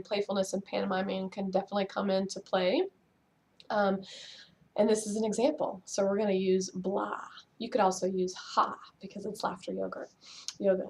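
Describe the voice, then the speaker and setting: A middle-aged woman chats her way through a laughter yoga lesson at home, playful and loose, with plenty of fillers and laughs. Her voice sits at an ordinary middle pitch and is recorded close on a home camera. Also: darkish tone. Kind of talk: casual instructional video. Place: at home, just woken up.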